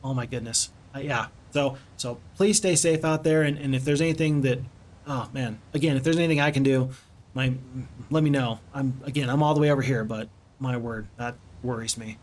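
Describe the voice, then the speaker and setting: Chatty, expressive male game streamer. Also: medium pitch, a little fast. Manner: chatty and expressive, reacts to viewer chat with frequent exclamations. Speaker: streamer playing a strategy game. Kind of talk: casual live-stream chat.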